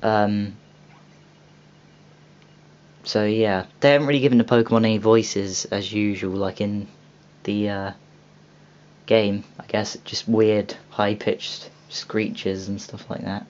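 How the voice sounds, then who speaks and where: A man's voice: on the low side, fairly even intonation, takes it slowly, darkish tone. A young man hosting a casual video walkthrough of a game store, rambling with many ums and restarts. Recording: dull lo-fi home recording with faint hiss.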